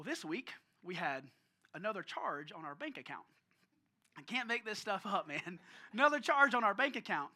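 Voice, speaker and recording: A man preaching as a pastor, telling a story in a lively, conversational way and calling out listeners by name. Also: sits high. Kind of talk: storytelling sermon. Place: church service.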